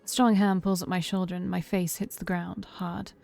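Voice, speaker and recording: A woman streamer reading a game's first-person narration aloud, steady and calm, with brief asides of her own. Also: lowish voice, moderate pace, vocal fry. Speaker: game streamer. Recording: faint music behind.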